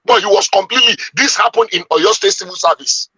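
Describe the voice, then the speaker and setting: A man making his case in a heated debate, emphatic and long-winded. His voice is bright and forceful with a husky edge, sitting a little high. The sound is close and dry. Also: fast, no room sound, rough recording. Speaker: debate panelist.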